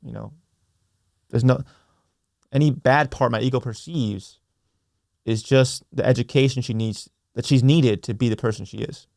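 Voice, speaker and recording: A man's voice: medium pitch, steady tone, vocal fry, a little mellow, dry recording. Earnest man talking in a dry room. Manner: earnest, repetitive, slow emphatic phrasing. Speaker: podcast host. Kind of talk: reflective solo podcast talk.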